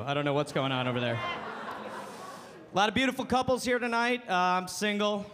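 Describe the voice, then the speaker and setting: A male stand-up comic with a high voice delivers a brash, animated set. He speaks into a handheld mic on a comedy club stage. A loud, laughing crowd fills the recording. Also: background noise. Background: audience laughter.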